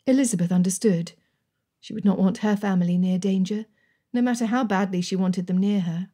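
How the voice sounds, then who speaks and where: Mellow, breathy woman narrating a romance. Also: mid-range voice, fairly even intonation, fairly quick. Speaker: audiobook narrator. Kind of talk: scripted narration.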